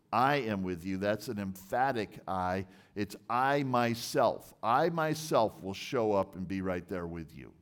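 Earnest low-voiced male preacher. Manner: earnest, emphatic preaching with repeated words and restarts. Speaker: pastor. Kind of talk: sermon.

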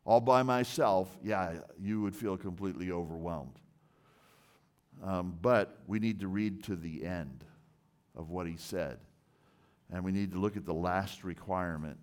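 A man's voice: fairly low pitch, darkish tone. A man preaching a sermon in an earnest, emphatic way, often repeating and restarting words. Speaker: pastor.

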